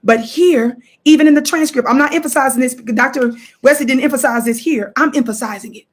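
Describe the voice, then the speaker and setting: An emphatic woman hosts a live stream and reads from a book. Her voice sits fairly high, and she keeps calling on viewers to listen. She repeats quotes to press her points home. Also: fast talker. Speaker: livestream host. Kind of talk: live commentary reading from a book.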